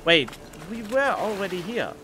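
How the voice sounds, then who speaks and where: A man's voice: high-pitched, sing-song, moderate pace, background noise. A man streaming a video game, rambling casually and chatting to his viewers. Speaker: let's play streamer. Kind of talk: casual gameplay commentary. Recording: game music playing behind.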